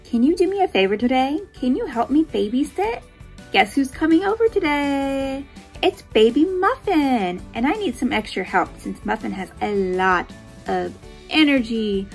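A woman's voice: high voice, very animated, normal speed, soft background music. A woman voicing a cheerful cartoon mother dog who babysits and chats to the viewers, in a bubbly, sing-song pretend-play manner. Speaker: toy play host.

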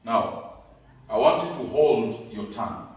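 A man preaching a sermon, emphatic, repeating key words and swinging between loud and soft. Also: mid-range voice, lively intonation, a little slow. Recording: echoey hall, distant mic.

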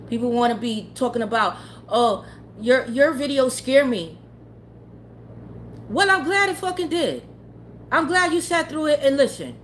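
A fairly high-voiced woman, talking to her live chat as a tarot streamer. She rants bluntly and swears constantly, and there is faint noise behind her. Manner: blunt, profane, heated, often laughing. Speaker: tarot livestreamer. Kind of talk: profane casual rant to live chat.

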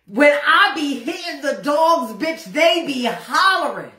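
A brash woman livestreams an unscripted rant in a high voice, drawing out her words at an unhurried pace. She swears freely and keeps hammering the same phrases for emphasis. The sound carries an echoey room around her. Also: expressive, pushed and bright. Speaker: live streamer.

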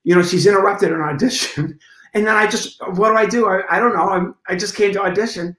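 Middle-aged male comic, lively raconteur, acts out the scenes, roomy echo on the track. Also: sits high, fast. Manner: lively storyteller, acts out scenes and sound effects. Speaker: guest comedian. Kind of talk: storytelling in a conversation.

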